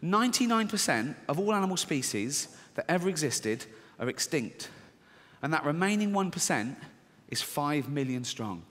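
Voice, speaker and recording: A middle-aged man doing stand-up comedy, deadpan and swearing, acting out squeaky voices in a theater. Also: moderate pace, in a large hall. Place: large theater with audience. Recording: live theater, audience laughter.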